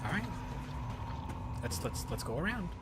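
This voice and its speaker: A man streaming a game live, talking to himself and his chat in an excitable way and laughing often. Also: on the high side, normal speed, over loud music. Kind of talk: live gameplay commentary and chat banter.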